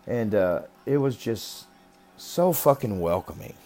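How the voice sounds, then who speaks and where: A man's voice: fairly low pitch, expressive, unhurried, a little mellow, faint music behind. A man casually telling a personal story in a blunt, rambling way, swearing constantly. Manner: talks about being raised rough.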